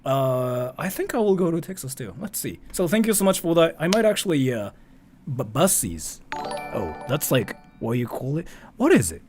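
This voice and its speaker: A man from Japan hosting a live stream, chatting casually and reading donations in a rambling, excitable way with frequent mild swearing. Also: on the high side, moderate pace, soft background music. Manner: animated, rambling, swears mildly and often.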